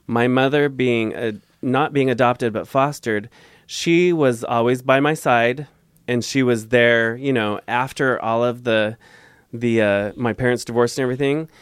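A man's voice: medium pitch, fairly even intonation, measured pace, smooth, dry recording. A man guest telling a heartfelt family story in a casual interview, earnest and rambling, on a close mic.

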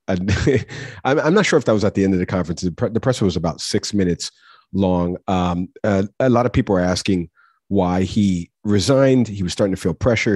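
A man's voice: sits low, darkish tone, breathy edge, dry recording, studio quality. A man co-hosting a podcast in casual chat, rambling and chuckling as he talks. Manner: rambling, chuckling, restarts often. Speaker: podcast co-host.

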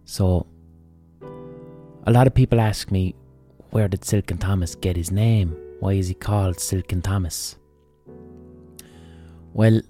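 A man's voice: low-pitched, unhurried, pauses often, faint music behind. An Irish man hosting a podcast, telling a story in a casual monologue, swearing freely and acting out quotes. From Ireland. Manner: swearing, animated retelling with mock quotes. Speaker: podcast host.

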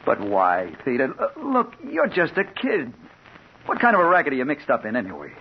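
An actor playing a hard-boiled crime reporter in a 1940s radio drama, narrating in a terse, urgent first-person voice. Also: male voice, mid-range voice, wildly swooping pitch, brisk. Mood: pleading. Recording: old radio broadcast, dull with faint hiss.

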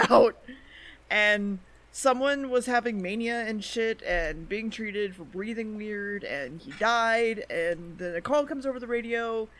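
A woman co-host recaps anime episodes in casual podcast chat. She talks in a loose, chatty way, dropping fillers and quick quoted asides from the characters. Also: medium pitch, a bit bright.

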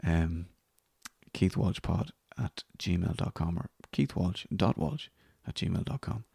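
Gravelly deep-voiced Irish man. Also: lively intonation, slow pace, warm tone, dry recording, clean studio sound. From Ireland. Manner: rambling, self-deprecating, trailing into whispers. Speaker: podcast host. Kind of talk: casual solo podcast sign-off.

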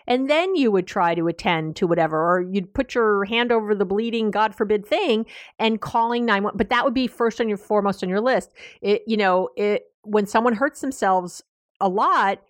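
An American woman therapist hosting a podcast, giving animated casual advice, laughing and restarting her sentences. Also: medium pitch, moderate pace, no room sound, clean studio sound. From United States.

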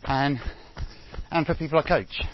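A man's voice: fairly high pitch, unhurried. A middle-aged man with a London accent, a running coach rambling casually to his podcast listeners while jogging outdoors and getting out of breath. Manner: rambling, chatty, with many fillers. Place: outdoor forest path. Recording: dull outdoor recording with steady noise.

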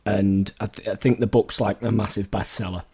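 A man co-hosting a film podcast, telling rambling stories in a relaxed chat. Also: fairly low pitch, moderate pace, slightly rough. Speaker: podcast co-host. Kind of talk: casual storytelling chat.

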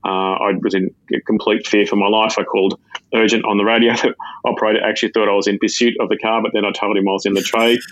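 A middle-aged Australian man, a retired police sergeant, tells his story in a halting way with many fillers and restarts. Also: fairly low pitch, level tone, highs cut off. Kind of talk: casual personal storytelling.

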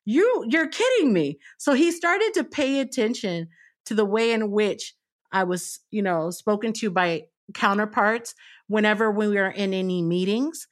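A woman's voice: mid-range voice, measured pace. A woman radio personality as a podcast guest, telling stories in an emphatic, conversational way. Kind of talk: casual chat.

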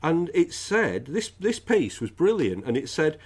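A man's voice: on the high side, big pitch swings, unhurried, darkish tone, husky. A man hosting a podcast, chatting casually about politics in a jokey, rambling way. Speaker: podcast host.

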